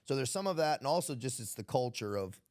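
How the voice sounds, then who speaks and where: A man's voice: mid-range voice, expressive, fast talker, darkish tone. An American man, a military veteran guest, telling stories in a laid-back, profane way and laughing often. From United States. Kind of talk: casual podcast storytelling.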